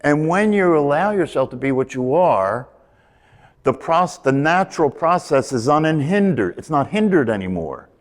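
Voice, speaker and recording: A man's voice: fairly high pitch, sing-song, moderate pace. A man teaching a meditation class, talking things through in a repetitive, emphatic way and often putting questions to his listeners. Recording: long hall reverb.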